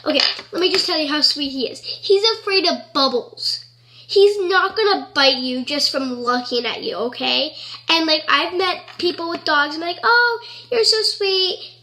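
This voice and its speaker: A woman with a high, bright, ringing voice talks straight to camera in a loose, rambling vlog style. She fills her sentences with "like" and sounds earnest about every point. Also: moderate pace. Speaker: vlogger. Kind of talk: casual chat to camera.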